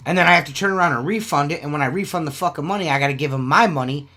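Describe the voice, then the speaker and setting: A man's voice: on the high side, racing, pushed and bright, slight background noise. A man hosting a casual podcast, rambling and swearing often, with "you know what I mean" in nearly every sentence. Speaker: podcast host selling shirts.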